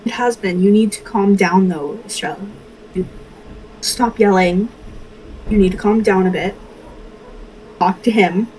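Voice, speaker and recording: A woman voicing a calm mech companion who speaks in a level, soothing way. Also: medium pitch, unhurried, pauses often, slight background noise, lightly acted, rough recording.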